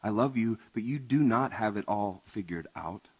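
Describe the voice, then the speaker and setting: A man voicing Jesus as a gentle, loving man who speaks softly in a lowered voice. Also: expressive, moderate pace, slightly rough, low-quality recording. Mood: tender. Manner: soft, lowered and tender.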